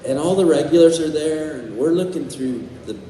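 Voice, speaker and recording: A man on a convention panel telling animated stories, swearing and laughing as he goes. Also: on the high side, normal speed, slight background noise. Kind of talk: storytelling on a panel. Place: large convention hall. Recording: echoey hall, far from mic, faint ambience.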